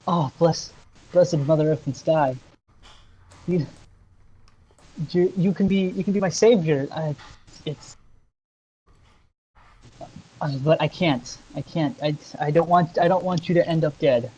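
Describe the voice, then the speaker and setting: A man voicing a tearful female dryad bound to her tree, speaking haltingly with many fillers. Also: a little high, dark tone, lo-fi sound, a little hiss or hum, voice pushed up, close to an everyday voice. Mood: pleading.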